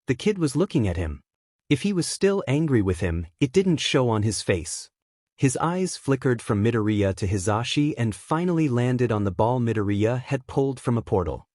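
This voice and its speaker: A man reading a fanfiction story aloud as the narrator, in steady storytelling. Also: mid-range voice, moderate pace, no room sound, clean studio sound.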